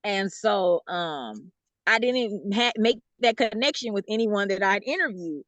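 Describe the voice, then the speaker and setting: A woman's voice: mid-range voice, expressive, unhurried, a bit bright, no echo. A woman with a Southern US accent, a guest author answering interview questions in a chatty way with frequent fillers and laughs. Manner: chatty, laughs often, explains with many fillers.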